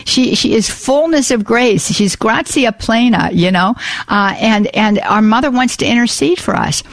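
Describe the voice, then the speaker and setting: A radio host talking earnestly and haltingly in casual chat, often repeating words. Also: mid-range voice, animated, creaky, dry recording.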